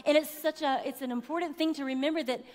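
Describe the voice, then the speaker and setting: A woman's voice: sits high, fairly even intonation, fast. A woman co-hosting a talk on marriage, speaking in an affirming, encouraging way in a casual sermon style. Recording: hall reverb.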